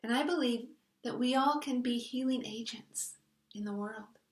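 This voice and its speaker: In an echoey room, her voice a bit off-mic and distant, a woman hosts a reflective spiritual talk. Her voice is a little high and moderately paced, earnest and conversational as she retells a story, voicing the quotes.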